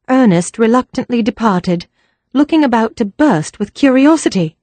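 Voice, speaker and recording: A woman narrating a mystery audiobook in an even, measured reading. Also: on the high side, no room sound. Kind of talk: scripted narration.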